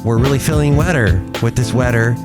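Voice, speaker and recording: A man hosting a podcast from a cafe, talking in a chatty, joking, rambling way, his voice a little rough after covid. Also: medium pitch, fairly quick, over loud music. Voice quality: rough, smoker-like after illness. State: recovering from covid, slightly rough voice. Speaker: podcast host. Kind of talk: casual podcast chat.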